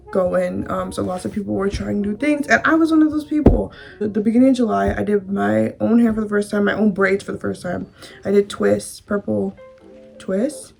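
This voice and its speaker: A young woman talks candidly to the camera, chatting through a personal story with plenty of fillers and the odd swear word. Her mid-pitched voice has a gravelly fry, and soft instrumental music plays faintly behind her. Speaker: vlogger.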